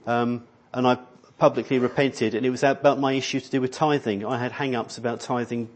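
A man's voice: mid-range voice, steady tone, brisk. A middle-aged man preaching a sermon in a church hall, rambling and conversational, with many restarts. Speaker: pastor.

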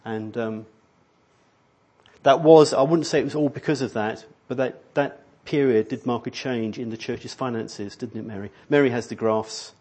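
A man's voice: medium pitch, moderate pace, warm tone, slightly rough. A middle-aged man preaching a sermon in a church hall, rambling and conversational, with many restarts. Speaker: pastor.

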